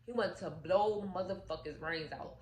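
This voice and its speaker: A woman telling a movie's story in a casual, animated, profane way, acting out the characters' lines. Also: lowish voice, moderate pace. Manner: animated, profane, acts out quotes. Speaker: storytime vlogger. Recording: echoey room with faint noise.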